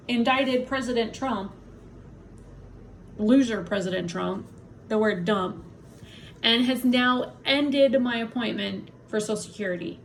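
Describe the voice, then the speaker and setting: A woman's voice: a little high, slight background noise. A woman vlogger in an angry personal rant to camera, swearing heavily and blunt, upset and in pain from a migraine. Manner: heavy swearing, blunt and indignant.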